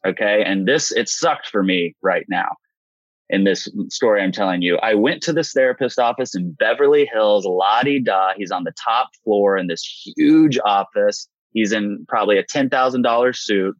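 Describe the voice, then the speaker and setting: In an interview, a man in his 30s shares a frank story from his own life, a lively storyteller who acts out what others said. He has a deep voice; the audio lacks echo and its highs are clipped.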